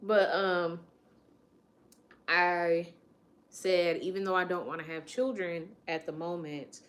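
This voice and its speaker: A woman's voice: fairly low pitch, fairly even intonation, unhurried, fairly bright tone. A woman in her late twenties telling a personal story in a candid, emotional way, often quoting what others said to her. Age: late 20s. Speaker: vlogger.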